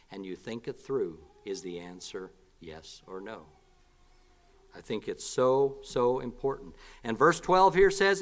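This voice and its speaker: An earnest male preacher with a very high, bright voice. His tone is smooth and clear, and he repeats his key points with emphasis. He often drops lower and softer as he draws back from the mic. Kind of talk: sermon.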